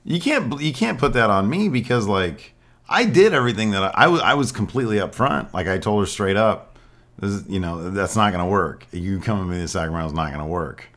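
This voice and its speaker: A man's voice: on the low side, lively intonation, fast talker, a bit bright. A man co-hosting a podcast, telling rambling stories in a laid-back, casual way. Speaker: podcast co-host. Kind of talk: casual chat.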